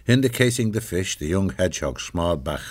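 A man reads the narration of a storybook drama in a calm, even way. His voice sits very low and sounds unhurried and clear. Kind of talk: scripted narration.

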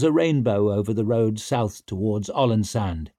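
A man narrating an audiobook in a steady, measured storytelling voice. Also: on the low side, no room sound, clean studio sound.

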